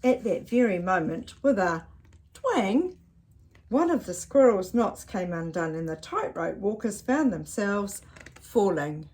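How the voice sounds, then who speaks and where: Slow, breathy woman reading a story. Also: mid-range voice, expressive. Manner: gentle, asks the listener questions. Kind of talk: reading a picture book aloud to children.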